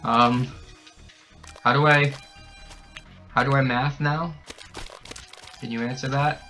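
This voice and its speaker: A young man hyped up on energy drinks, narrating his gameplay, yelling and cackling at every death and win. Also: medium pitch, slow, soft background music. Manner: excitable, shouts and cackles at the game. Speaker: gaming channel host. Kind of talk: hyper gameplay commentary. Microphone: desk mic with a camera nearby.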